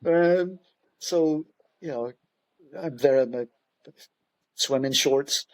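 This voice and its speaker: A man's voice: mid-range voice, takes it slowly, no echo. A middle-aged man, a police commissioner, telling stories in an interview in a conversational way, with frequent fillers and restarts. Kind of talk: anecdotal interview storytelling.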